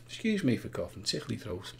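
A man's voice: mid-range voice, huge pitch swings, moderate pace, creaky, bright, forceful tone, slightly rough. Male quiz host, cheeky banter, humming jingles, casual live-stream delivery. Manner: jokey, sings jingles, reads out viewer names.

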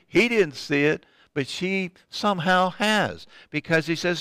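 Older man, Bible study teacher, slightly high voice, dry close sound, chatty with restarts. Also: lively intonation, a little slow, sharp tone, clear, resonant tone, dry recording. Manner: conversational, reads scripture aloud and comments, frequent ums and restarts.

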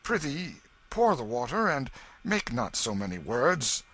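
Man doing a haughty storybook boy king, raised pitch, commanding. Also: sing-song, a little slow, fairly bright tone. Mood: imperious. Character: boy king, young, imperious and indignant.

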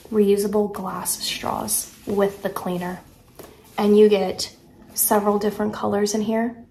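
A chatty woman talks through her shopping finds in a relaxed, enthusiastic way, often pausing on "like" and "um". Her voice sits at an ordinary middle pitch. The room around her is echoey, with a faint hiss of noise underneath. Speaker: haul vlogger. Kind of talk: casual product haul chat.

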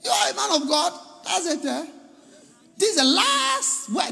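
A Ghanaian-accented male preacher with a very high, gravelly, bright voice, delivering a slow, emphatic sermon. He swings from quiet asides to shouted lines. A long hall reverb trails every phrase. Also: big pitch swings. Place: large seminar hall.

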